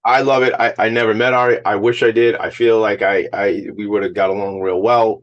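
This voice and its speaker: Upbeat male radio host, lowish voice, rapid-fire and effusive. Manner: enthusiastic, effusive, rapid talker. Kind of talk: casual radio interview. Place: on location at a high school.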